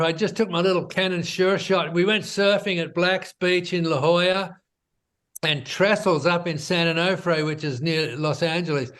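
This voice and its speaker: Here a high-voiced man, the founder of a business, relates his story in a relaxed conversational interview, regularly tossing in "you know" and "right?"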